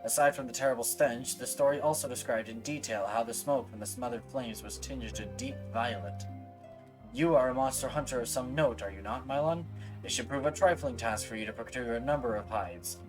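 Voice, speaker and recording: Guy doing a brooding dragoon, low and serious, slow and measured. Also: over music, close to an everyday voice. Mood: grave. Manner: grave, measured reading.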